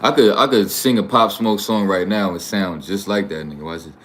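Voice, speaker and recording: Talking a little fast in a low, slightly bright voice, a young New York man boasts during a casual YouTube livestream chat. His speech is thick with slang and profanity.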